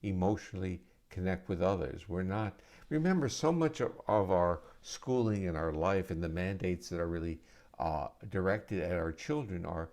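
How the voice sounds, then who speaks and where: A man with a notably low voice talks through ideas at a live question-and-answer session. He explains steadily, in a patient lecturing manner, as a guest speaker at an arts center event. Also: moderate pace, darkish tone.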